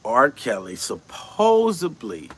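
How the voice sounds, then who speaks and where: A man doing a comedic, profane rant, incredulous and animated, laughing often as he talks. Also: mid-range voice, slow, breathy edge. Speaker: comedian commentator.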